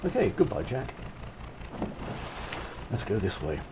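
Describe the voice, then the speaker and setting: A man's voice: medium pitch, wildly swooping pitch, a little slow, noisy background. A man who is a game developer, giving casual gameplay commentary in a chatty, self-mocking way with frequent asides.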